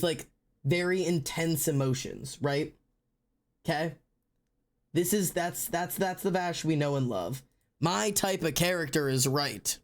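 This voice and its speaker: A woman's voice: deep voice, a little mellow. A woman streamer chatting casually, ranting and swearing, with dramatic wails of mock despair. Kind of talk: casual live-stream chat.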